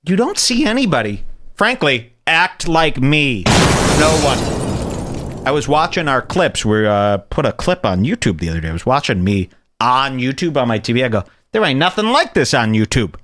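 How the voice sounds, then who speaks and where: A man ranting through a comedic video commentary, swearing freely as he mocks the clip. His voice is bright and edgy, and it jumps around a wide, lively range. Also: mid-range voice, normal speed. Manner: profane, ranting, animated. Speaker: host.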